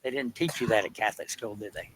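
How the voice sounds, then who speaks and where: A man's voice: on the low side, fast talker, poor audio. A man arguing heatedly on a voice chat, combative and sarcastic, swearing as he presses his point. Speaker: participant in a voice chat argument.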